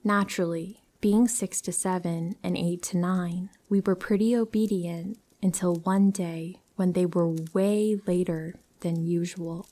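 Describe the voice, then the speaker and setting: A woman narrating a true horror story aloud in a slow, unhurried way. Her voice sits low for a woman and sounds dark and mellow. She tells it in a calm, measured manner.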